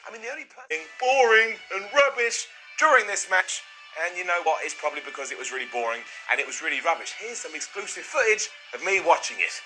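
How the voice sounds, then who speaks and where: A man hosting a comedic wrestling recap, excitable and sarcastic, with quick put-on asides. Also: sits high, over music, low-quality recording. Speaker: wrestling show reviewer, host.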